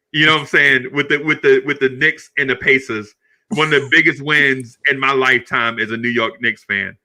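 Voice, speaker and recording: A middle-aged man hosting a podcast with a very bright, forward voice. He tells stories in an animated, chatty way. He laughs often and repeats words as he goes. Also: mid-range voice. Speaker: podcast host. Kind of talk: casual storytelling chat.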